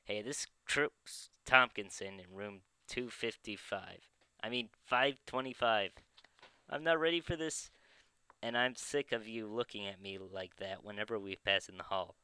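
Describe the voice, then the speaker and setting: A man voicing an angry young male caller making loud, aggressive threats. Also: lowish voice, fairly even intonation, measured pace, smooth, dry recording, poor audio. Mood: threatening.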